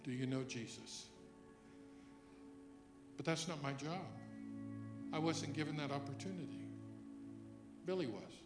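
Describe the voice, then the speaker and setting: A man preaching a sermon as pastor, moving between quiet reflection and loud emphatic passages. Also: fairly high pitch, unhurried, long pauses, echoey room, music in the background.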